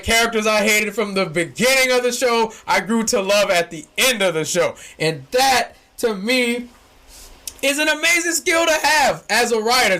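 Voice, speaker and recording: A young man, co-hosting a casual chat that swings from low musing to shouting, laughing excitement. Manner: excitable, shouts and laughs when hyped, slangy. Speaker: podcast co-host.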